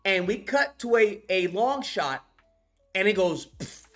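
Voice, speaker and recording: Animated, profane movie-rant YouTuber. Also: medium pitch, measured pace, soft background music. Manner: excitable, swears freely, acts out scenes. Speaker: film commentary YouTuber.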